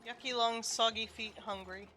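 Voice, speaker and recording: A woman's voice: a little high, steady tone, normal speed, pushed and bright, slight background noise. A woman streamer giving casual gameplay commentary, chatty and muttering to herself with casual swearing.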